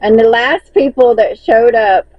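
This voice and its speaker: A Southern woman talks slowly through a casual vlog recap, reading off her sales and laughing along the way. Her voice is husky and a little high. The sound is dry and dull, like a lo-fi home recording. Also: dry recording. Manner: reads sales list, laughs often, chatty storytelling. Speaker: crochet seller recapping market sales.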